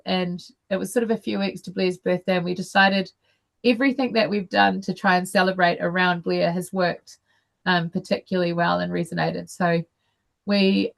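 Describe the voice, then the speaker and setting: Low, gravelly-voiced New woman. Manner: unhurried, with many fillers and restarts. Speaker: guest speaker. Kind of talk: personal story told to an online meeting. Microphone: video call.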